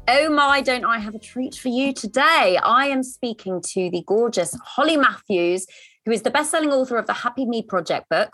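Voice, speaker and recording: Enthusiastic female podcast host, bright voice. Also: mid-range voice. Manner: enthusiastic and gushing, with laughs and stumbles. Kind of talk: conversational interview.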